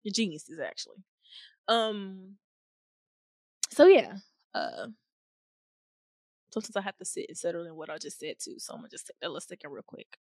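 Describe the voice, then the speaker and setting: A woman's voice: lowish voice, expressive, no echo, studio quality. Emotional young woman, faith podcast host. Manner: fast, rambling, many fillers and restarts; emotional, near tears, laughing softly. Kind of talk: faith-based podcast talk.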